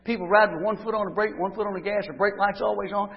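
A man's voice: high voice, fairly even intonation, quick pace, creaky. A man preaching a sermon, telling stories and rising to emphatic declarations. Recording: dull lo-fi recording.

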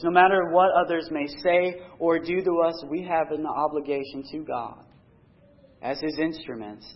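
A man preaching a sermon, reading scripture aloud and explaining it earnestly, pressing harder on key points. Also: a little high. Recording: dull lo-fi recording.

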